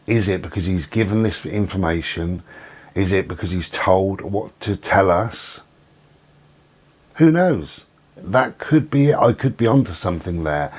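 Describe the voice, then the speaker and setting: A man hosting his own channel, giving a rambling, conspiratorial monologue with many pauses and fillers. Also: deep voice, darkish tone. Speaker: channel host.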